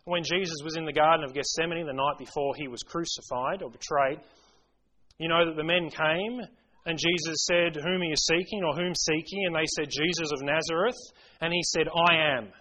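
Guy preaching a sermon, kinda high voice, earnest, gets fired up quoting scripture. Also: fairly even intonation, moderate pace, bright, forceful tone, low-quality recording. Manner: earnest, rising to impassioned emphasis, quoting scripture.

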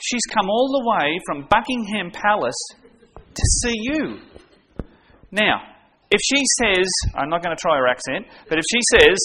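Earnest preacher, bright voice. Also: male voice, high voice, big pitch swings, measured pace, a little hiss or hum. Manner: earnest, uses everyday stories and direct questions. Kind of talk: sermon.

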